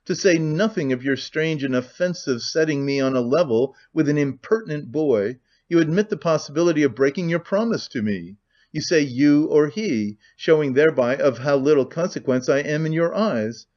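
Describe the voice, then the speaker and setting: A pompous, huffy middle-aged gentleman, put on by a man reading a novel aloud lectures in a sententious, offended tone. The voice sits somewhat high. The recording is dull and lo-fi. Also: expressive, normal speed, close to an everyday voice.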